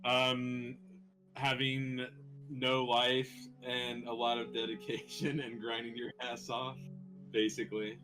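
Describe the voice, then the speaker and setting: A man's voice: medium pitch, little pitch movement, slow pace, pushed and bright, faint music behind. A man interviewed in a documentary, talking casually and laid-back about his goals.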